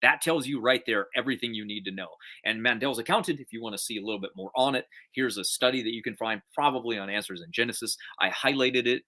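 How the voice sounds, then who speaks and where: Bright-voiced man arguing with sarcastic questions. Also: medium pitch, fast talker, few pauses. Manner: argumentative, sarcastic rhetorical questions. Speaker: co-host. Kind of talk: live-stream apologetics talk.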